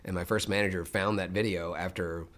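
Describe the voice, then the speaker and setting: Brief: very low-voiced man from Memphis, lively storyteller, guest voice actor in a relaxed chat. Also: fairly quick. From Memphis, Tennessee. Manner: animated storyteller who slips into voices. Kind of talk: casual interview chat.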